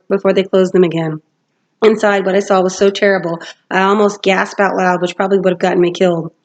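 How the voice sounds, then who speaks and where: A woman teacher reads a novel aloud to her class, steadily and with occasional self-corrections. Her voice sits at an ordinary middle pitch. The lo-fi recording sounds slightly muffled. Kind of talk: storybook read-aloud narration.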